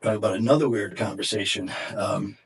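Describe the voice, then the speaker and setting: A middle-aged man from Detroit, a podcast guest, telling a personal story in a candid, halting way with many fillers and restarts. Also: fairly low pitch, fairly even intonation, vocal fry. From Detroit, USA.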